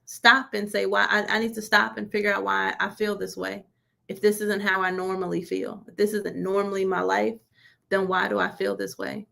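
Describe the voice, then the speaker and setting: A woman delivering a casual, conversational sermon to her congregation. Her voice is deeply gravelly and full of vocal fry, sitting at an ordinary mid pitch. She talks in a loose, colloquial way and keeps putting questions to her listeners. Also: moderate pace. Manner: informal, poses many rhetorical questions to listeners; colloquial, relaxed grammar. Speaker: church leader leading a teaching session.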